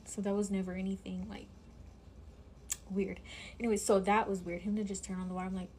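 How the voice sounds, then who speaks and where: A woman's voice: medium pitch, little pitch movement, a little fast, warm tone, a little hiss or hum. A woman telling a personal story in casual chat, full of fillers, often dropping to a whisper when she quotes someone. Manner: chatty, full of "like", drops to a whisper when quoting.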